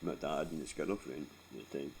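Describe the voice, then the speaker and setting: A very deep-voiced Scottish man in his forties, gravelly and dark in tone, rambles through a sweary life story with frequent laughs. Soft background noise sits under his voice. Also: a little fast, rough recording. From Scotland. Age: 40s. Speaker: vlogger. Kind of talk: casual storytelling.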